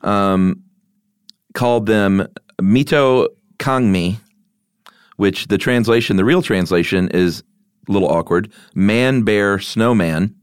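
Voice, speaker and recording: A man's voice: on the low side, slow, smooth, dry recording, clean studio sound. A man co-hosting a casual podcast, easygoing and self-deprecating, with lots of hesitant fillers. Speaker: podcast co-host.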